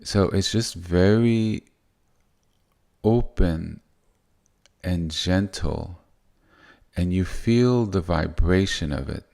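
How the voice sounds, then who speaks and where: A man giving soft-spoken, unhurried spiritual teaching, often restarting his sentences. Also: sits low, gravelly.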